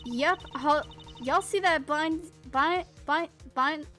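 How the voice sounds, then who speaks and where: A brash, folksy woman photographer barks in a high, drawling put-on Southern accent, as a woman voices her. She talks slangy and pushy, shooing people off. Faint game music hums under her. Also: takes it slowly, bright, forceful tone, heavily acted. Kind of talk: game voice-acting.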